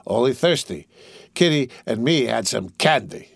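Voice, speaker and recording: A man's voice: medium pitch, lively intonation, normal speed, creaky, slightly rough, dry recording, clean studio sound. Man putting on a drunk rich young fellow. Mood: boisterous. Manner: loud, careless, exclamatory, slurring slang.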